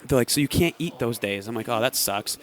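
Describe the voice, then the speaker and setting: A man's voice: medium pitch, brisk. A young American man, a guest athlete, chatting casually on a podcast and acting out quotes as he tells stories. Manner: animated storyteller acting out quotes.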